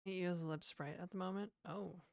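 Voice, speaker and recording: A woman's voice: on the low side, fairly even intonation, normal speed, vocal fry, a little mellow, dry recording. A woman streaming her game development, chatting loosely with viewers and rambling between reactions. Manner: rambling, chatty, swears casually, reacts to chat. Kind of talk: casual livestream chat.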